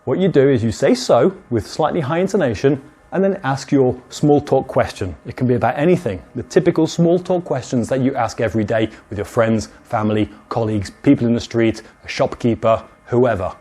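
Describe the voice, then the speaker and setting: A man teaching an English lesson, explaining slowly and acting out short spoken examples with lively stress on key words. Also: medium pitch, breathy edge.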